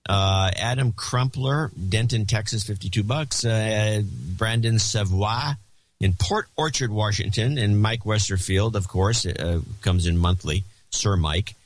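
In a casual podcast chat, a male co-host with a fairly low voice reads out a list of donors at a measured pace. He teases his partner in a dry way.

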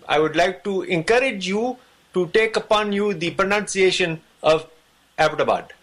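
A man voicing a pompous, flowery figure who lectures on the correct way to say a word, speaking grandly and slowly. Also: sits high, a bit bright. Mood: grandiose. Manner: grandiose, flowery, slow-spoken. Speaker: video maker.

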